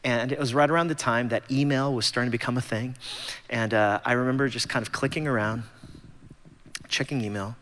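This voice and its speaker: A man's voice: medium pitch, steady tone, a little fast, fairly bright tone, a little hiss or hum. Man telling his story in a reverberant church. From Los Angeles, USA. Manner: conversational storytelling with self-deprecating humor. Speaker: guest speaker at church gathering. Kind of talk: personal testimony talk. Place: large church sanctuary. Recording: long church-hall reverb.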